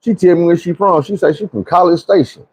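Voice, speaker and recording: A man's voice: high voice, fairly quick, a little mellow, slightly rough. A man telling a comic personal story in a casual, profane way, acting out the quoted voices. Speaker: storyteller host.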